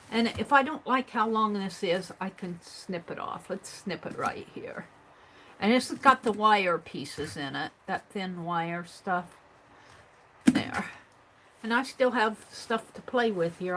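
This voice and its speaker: A woman's voice: mid-range voice, a bit bright, slight background noise, rough recording. A woman hosting a live craft stream, thinking aloud as she works, trailing off and murmuring under her breath. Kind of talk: live craft stream, talking while working.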